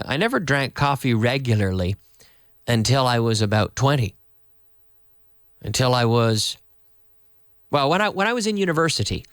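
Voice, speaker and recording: A young adult man runs a live online English lesson in a chatty, easygoing way. He stops to repeat phrases slowly and clearly for his learners. His voice sits at an ordinary pitch and is picked up dry and close, with no room sound. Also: fairly bright tone, dry recording. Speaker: English teacher.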